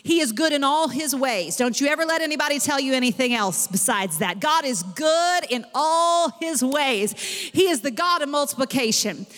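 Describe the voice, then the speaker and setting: A woman pastor preaching a sermon in an animated way, rising in emphasis as she makes her points. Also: high voice, normal speed, in a large hall.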